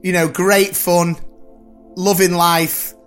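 High-voiced man teasing his co-host. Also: flat delivery, takes it slowly, fairly bright tone, clean tone, faint music behind. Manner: playful, teasing, laughs while talking. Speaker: podcast host. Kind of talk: casual chat.

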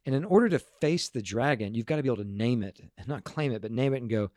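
A man speaking as a guest to a group, telling stories in an earnest, animated way and often restarting his words. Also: mid-range voice, fast, hardly any pauses, dry recording, clean studio sound. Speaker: guest speaker on parenting and emotions. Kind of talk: casual storytelling talk to a group.

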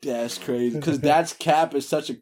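A man's voice: a little high, moderate pace, a little mellow. Slangy New York man chatting. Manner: slangy, laid-back, full of fillers. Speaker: guest. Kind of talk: casual chat.

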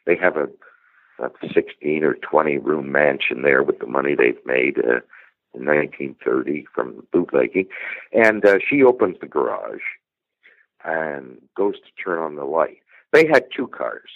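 Low-voiced man retelling an old murder. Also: expressive, a little slow, gravelly, dry recording, phone-quality sound. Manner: rambling, repeats words and restarts, many uh fillers. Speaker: guest true-crime researcher. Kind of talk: storytelling in a podcast interview.

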